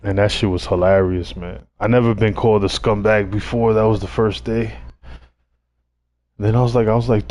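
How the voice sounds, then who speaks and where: Young New guy, slightly low voice, casual slang-heavy storyteller. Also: moderate pace. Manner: laid-back street slang, swearing, animated when quoting others. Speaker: streamer.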